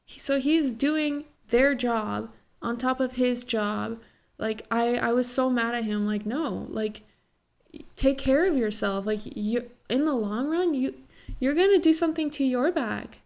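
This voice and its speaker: A young woman rambles through a casual reaction vlog, her voice gravelly with fry. She is still teary after crying and fills her talk with "like.". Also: on the high side, a little slow. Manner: emotional, rambling, many "like" fillers. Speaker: vlogger reacting to a talk show.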